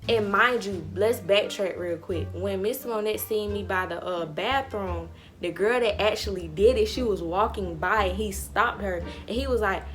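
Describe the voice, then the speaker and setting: A young woman vlogger telling a storytime in a casual, animated way, full of slang and acted-out dialogue. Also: medium pitch, normal speed, soft background music.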